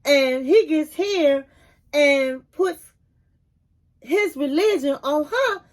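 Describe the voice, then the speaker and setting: A woman's voice: high-pitched, expressive, very slow. A woman hosting her own channel, recapping a reality show in a sassy, chatty way and calling listeners honey. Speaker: commentary channel host.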